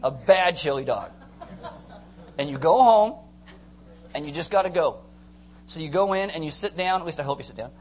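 A man preaching a sermon to a congregation, animated, acting out scenes and joking with the crowd. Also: a little high, moderate pace, pauses often, a little hiss or hum. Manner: animated, acts out screams and jokes with the congregation. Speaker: pastor.

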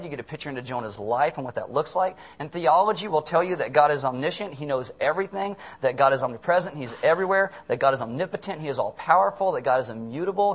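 A young man preaching a sermon, animated and sarcastic, acting out quoted voices. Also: fairly high pitch. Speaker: pastor.

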